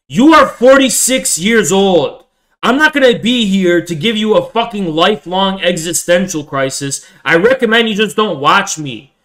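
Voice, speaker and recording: Young male streamer, high voice, profane hectoring rant, repeats himself. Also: fairly bright tone. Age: 20s. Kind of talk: angry livestream rant.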